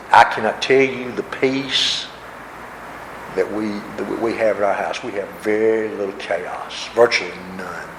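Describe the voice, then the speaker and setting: A man, giving a folksy, self-mocking personal recovery talk at a workshop. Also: on the low side. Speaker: workshop speaker. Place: convention hall. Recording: echoey room with background noise.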